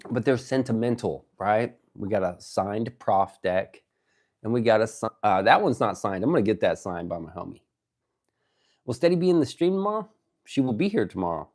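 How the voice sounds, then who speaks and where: A man's voice: on the low side, normal speed. Brief: male livestreamer, casual, profane joking chatter, voice swinging up and down a lot. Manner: excitable, swearing, joking banter. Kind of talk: casual livestream chat reading viewer messages.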